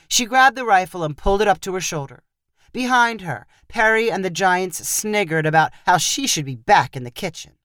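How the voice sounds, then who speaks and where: A woman narrating a short story in an expressive storytelling manner. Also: mid-range voice, normal speed, dry recording, clean studio sound.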